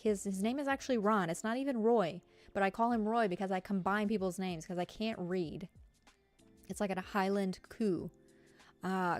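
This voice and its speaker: Southern-accented woman streamer, casual giggly chat, mid-range voice, soft music under. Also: mid-range voice. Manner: chatty and giggly, lots of fillers. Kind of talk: casual chat with live viewers.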